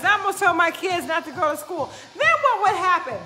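A female fitness coach speaks very high-pitched and fairly quick, barely pausing, as she pumps up her live viewers with a preachy, energetic talk. Music plays behind her while she keeps asking "right?"

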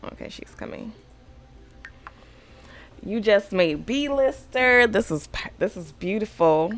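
A woman's voice: medium pitch, expressive, slow pace. A woman hosting a life-simulation game let's play, giving playful, slangy running commentary as she plays. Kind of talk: casual gameplay commentary. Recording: game music playing underneath.

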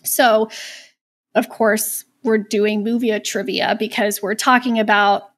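A woman's voice: medium pitch, steady tone, slow. A woman co-hosting a podcast, recapping a horror movie in casual, sarcastic chat and swearing freely. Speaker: podcast co-host.

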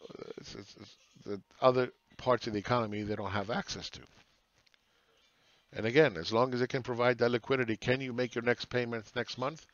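A man's voice: medium pitch, fairly even intonation, brisk, no room sound, muffled recording. A man hosting a casual monologue on the economy, talking bluntly with profanity and rhetorical questions. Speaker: market analyst host.

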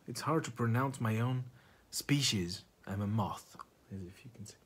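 Husky man rambling comic monologue. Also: medium pitch, moderate pace. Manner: meandering, profane and absurd. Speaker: comedian vlogger.

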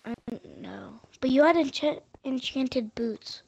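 A woman hosting a gaming channel, chatting casually while she plays, quick to react and often repeating herself. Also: sits high, expressive, vocal fry, a little mellow, lo-fi sound, slight background noise. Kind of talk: casual chat while playing a video game.

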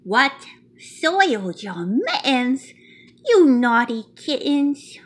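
A woman's voice: high-pitched, very animated, extremely slow, exaggerated voice. A woman voicing a stern mother cat who scolds her kittens in a storybook reading.

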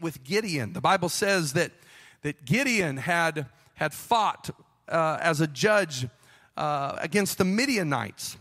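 Fervent Pentecostal preacher with a gravelly voice. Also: male voice, high voice, in a large hall. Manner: fervent, building to shouted, rhythmic preaching. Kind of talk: Pentecostal sermon. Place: church sanctuary.

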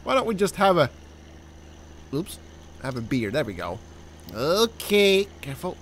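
An excitable young man narrates his own gameplay as a channel host, swearing freely and yelling at characters on screen. His voice sits high and swings widely in pitch, leaping up when he gets worked up. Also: moderate pace, pauses often, slight background noise. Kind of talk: let's play commentary.

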